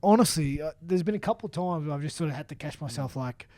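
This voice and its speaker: A man's voice: a little high, expressive, fast, a little mellow, no echo. A man with an Australian accent, a podcast guest in casual chat, eager and tripping over his words. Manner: eager, stumbling restarts.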